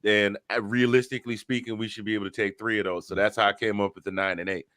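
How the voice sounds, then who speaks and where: A man's voice: fairly low pitch, little pitch movement, fast talker, bright, forceful tone, dry recording, clean studio sound. A man co-hosting a casual football talk show, making season predictions with plenty of restarts. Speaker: football podcast co-host. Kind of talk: casual sports chat.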